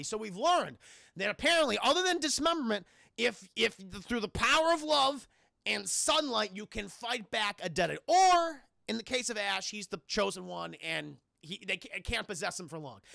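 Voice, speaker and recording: A young man giving an excitable, profane, scene-by-scene film recap and constantly addressing his live chat. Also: sits high, normal speed, creaky, dry recording, clean studio sound. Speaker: film reviewer and streamer.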